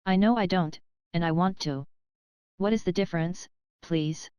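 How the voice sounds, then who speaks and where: A woman's voice: lowish voice, moderate pace, dark tone, clear, resonant tone, no echo, natural voice. Woman voicing an eager young Englishwoman. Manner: eager, persistent questioning. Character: earnest, inquisitive young Englishwoman.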